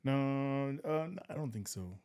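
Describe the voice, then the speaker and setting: A man's voice: medium pitch, expressive, measured pace, clean tone. A man co-hosting a podcast in a casual chat, speaking hesitantly with many fillers. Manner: soft-spoken, hesitant, many fillers and backchannels. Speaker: podcast co-host.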